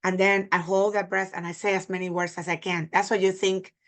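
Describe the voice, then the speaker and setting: Bright-voiced teacher. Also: female voice, mid-range voice, level tone. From Puerto Rico. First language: Spanish. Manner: demonstrative, repeating example words slowly. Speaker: Spanish teacher. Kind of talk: online pronunciation lesson.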